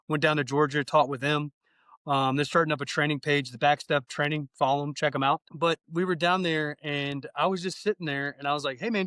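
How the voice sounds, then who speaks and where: Speaking as a guest on a podcast, a fire training instructor in his thirties gets enthusiastic and slangy, acting out conversations as he goes. His pitch is fairly high with a slightly bright tone. There's no room sound, though the audio quality is poor.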